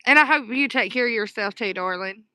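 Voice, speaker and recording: A Southern woman chats through a casual livestream, answering her viewers with pet names. Her voice sits a bit high and bright, smooth and clear, recorded close and dry. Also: fairly quick, no room sound. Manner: chatty, affectionate, reads and answers chat aloud. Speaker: livestream host. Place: dark room at home at night.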